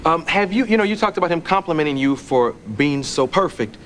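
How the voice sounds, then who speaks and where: A man hosting a talk show, reacting with upbeat quick remarks and questions. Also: fairly high pitch, expressive, a bit bright, slight background noise.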